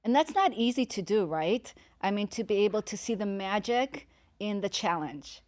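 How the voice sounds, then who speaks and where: A woman's voice: medium pitch, expressive, normal speed, a little mellow. A woman hosting an interview, responding with eager, affirming enthusiasm and asking follow-up questions. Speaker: podcast host. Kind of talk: casual interview.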